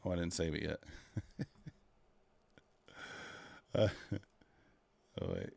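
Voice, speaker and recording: A man livestreaming his futures trading, chatting casually and rambling to viewers while fiddling with his software. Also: low voice, very animated, takes it slowly, creaky, lo-fi sound.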